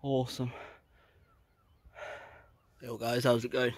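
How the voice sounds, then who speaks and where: A man's voice: mid-range voice, flat delivery, takes it slowly, no room sound. A man vlogging casually outdoors on a windy coast, chatting and rambling with plenty of fillers into a handheld camera. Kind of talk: casual vlog chat.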